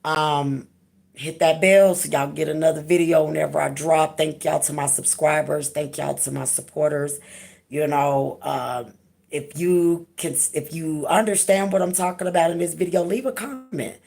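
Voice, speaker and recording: A woman with a low, gravelly voice hosts her own vlog, speaking candidly about her own experiences. She talks frankly and with emphasis, loose and casual, with the odd curse word. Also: steady tone, normal speed, a little mellow. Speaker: channel host. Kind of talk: candid personal vlog talk.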